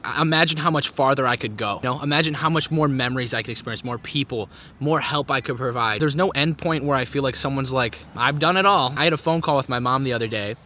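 Bright-voiced candid young man. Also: mid-range voice, a little hiss or hum. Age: 20s. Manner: candid and heavily profane. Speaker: vlogger. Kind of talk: casual reflective monologue. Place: outdoors in a park.

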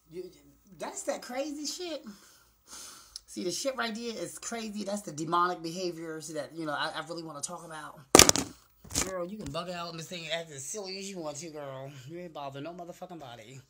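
A woman ranting to her phone camera indoors, campy and profane, calling everyone "girl" and swinging between loud bursts and low muttered asides. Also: expressive, a little fast, a little hiss or hum. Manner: brash, profane, campy, repeats "girl" and "honey" constantly. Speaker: vlogger. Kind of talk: sassy off-the-cuff rant to camera. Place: indoors, small room. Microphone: phone camera at arm's length.

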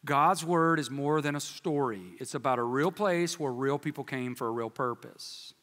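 A man preaching a sermon in a large church, telling jokes and stories in a folksy, animated way. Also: mid-range voice, moderate pace. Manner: joking storyteller, folksy and animated. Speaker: pastor. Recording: reverberant church hall.

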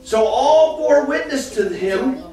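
A man teaching a children's church class, reading a Bible passage and then explaining it to the kids in a lively storytelling way. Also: very high voice, slow. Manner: animated storyteller, reads scripture then talks directly to the kids. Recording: echoey room from far off, faint noise.

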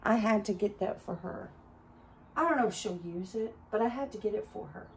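A woman's voice: medium pitch, fairly quick, breathy edge. A chatty middle-aged woman showing off her thrift store finds in a casual home vlog, gushing over little items. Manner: chatty, excitable, gushes over small finds. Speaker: thrift haul vlogger.

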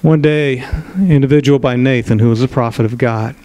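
A man's voice: mid-range voice, brisk, mellow, no room sound, low-quality recording. A male pastor preaching a sermon and retelling a Bible story in a conversational way, with small restarts.

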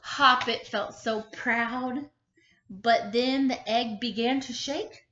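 A woman kindergarten teacher reading a picture book aloud, expressive and stopping to ask the children questions. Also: a little high, slow pace, slight background noise. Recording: echoey room, slightly dull sound.

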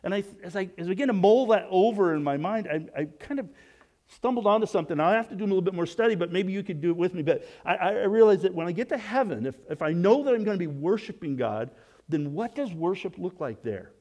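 A man's voice: sits high, expressive, fast. Conversational man preaching a sermon. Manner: conversational preaching with frequent restarts and rhetorical questions; drops to a soft hush when voicing prayers. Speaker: pastor.

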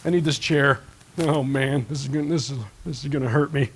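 This pastor's voice sits at a medium pitch with fairly even intonation, a slightly quick pace and some breathiness. Standing in the church sanctuary, he delivers his sermon as loose, conversational storytelling, voicing the characters himself.

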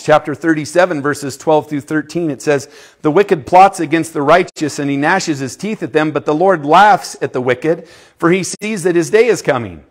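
Male youth preacher, slightly high voice, emphatic sermon delivery with sudden quiet stretches. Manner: emphatic, swinging from loud to hushed; asks the audience questions.

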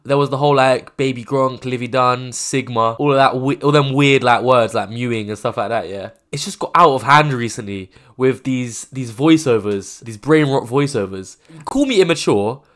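Animated man in his twenties. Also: mid-range voice, moderate pace, hardly any pauses. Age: 20s. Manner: animated, rambling, self-mocking. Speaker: host. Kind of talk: casual reaction commentary.

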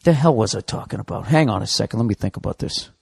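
A man's voice: lowish voice, lively intonation, fast, gravelly, slightly rough. A man hosting a podcast, telling a comic story in a profane, ranting monologue. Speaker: podcast host.

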